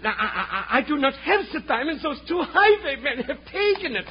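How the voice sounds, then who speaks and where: A man playing a flustered, excitable jewelry courier who stammers in broken English, in an old radio drama. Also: extremely high pitch, brisk. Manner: frantic, stammering, foreign-sounding broken English. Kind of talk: 1950s radio drama acting. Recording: old lo-fi radio broadcast with hiss.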